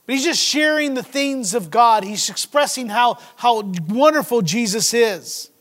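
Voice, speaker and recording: Higher-pitched male preacher with dynamic delivery. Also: expressive, measured pace. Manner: dynamic, swinging from loud emphasis to hushed low delivery. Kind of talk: sermon.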